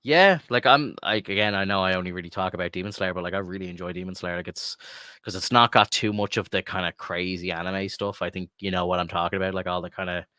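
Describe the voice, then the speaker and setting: A man's voice: sits low, fairly even intonation, fast talker, pushed and bright, smooth, dry recording, studio quality. A man from Ireland co-hosting a podcast, chatting casually and rambling with lots of filler words and swearing. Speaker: podcast co-host. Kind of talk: casual chat.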